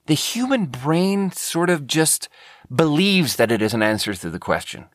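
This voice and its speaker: A man's voice: fairly high pitch, sing-song, normal speed, no room sound, clean studio sound. A man hosting a podcast, telling a story in a rambling way, often correcting himself mid-sentence and swearing casually. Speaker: podcast host.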